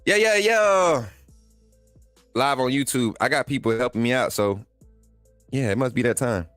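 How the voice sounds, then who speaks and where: An animated man with a thick Southern Alabama accent hosts a live stream, chatting casually and laughing as he answers viewers. His mid-pitched voice swings lively up and down, recorded close and dry with faint music underneath. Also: a little fast, dry recording. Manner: animated, laughs often, reads and answers chat comments. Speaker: host of a live sports stream.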